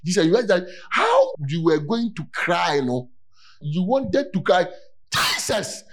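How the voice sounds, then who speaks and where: A man preaching a sermon in an animated way, repeating key words and rising to near-shouts for emphasis. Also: sits high, moderate pace.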